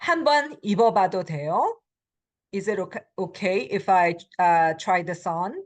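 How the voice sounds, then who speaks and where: A middle-aged woman teaching a recorded language lecture, patiently explaining with frequent ums, alternating slow English with quick example phrases. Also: mid-range voice, expressive. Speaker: Korean language instructor.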